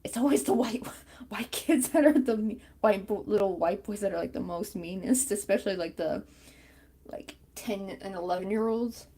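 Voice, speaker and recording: A woman's voice: medium pitch, normal speed, mellow. A woman chatting casually and rambling with many fillers while she crochets on a stream.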